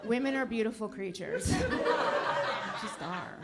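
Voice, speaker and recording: A woman's voice: fairly high pitch, huge pitch swings, slow pace, very noisy. A woman in her fifties doing a stand-up comedy set, teasing the crowd and laughing at her own jokes. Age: 50s.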